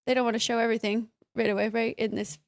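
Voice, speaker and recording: Bright-voiced woman betting analyst. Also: on the high side, little pitch movement. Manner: quick, fillers, corrects herself. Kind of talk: sports betting panel talk.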